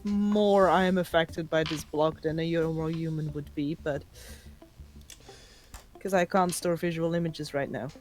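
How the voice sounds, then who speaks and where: Woman, tabletop player, measured, low voice, faint music. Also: steady tone, a little mellow. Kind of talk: in-character tabletop play.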